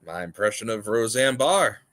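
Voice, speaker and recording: A man's voice: lowish voice, animated, moderate pace, a bit bright. A man hosting a livestream in rambling, casual chat, repeating his points emphatically. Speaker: livestream host.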